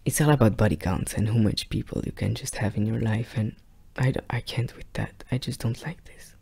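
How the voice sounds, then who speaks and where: Halting low-voiced young man. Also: gravelly, mellow, slightly rough. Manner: halting and emotional, often dropping to a whisper. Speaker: vlogger. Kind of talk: confessional storytime monologue.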